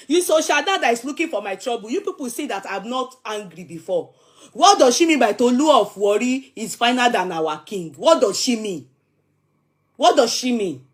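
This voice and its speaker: A woman with a Nigerian accent hosting a gossip stream, dramatic and animated, arguing back at viewers' comments. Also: on the high side, normal speed. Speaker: gossip channel host. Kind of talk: live chat commentary.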